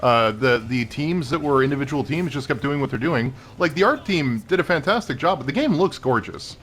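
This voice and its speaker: A man's voice: medium pitch, animated, fairly quick, fairly bright tone, slight background noise. Opinionated man chatting over gameplay. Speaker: podcast co-host. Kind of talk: casual chat over gameplay.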